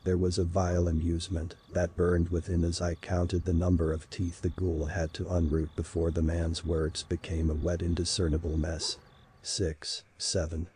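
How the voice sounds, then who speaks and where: Male horror narrator, very deep and dark-toned, slow and dramatic. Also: completely flat delivery, slight background noise. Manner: slow, measured, dramatic reading.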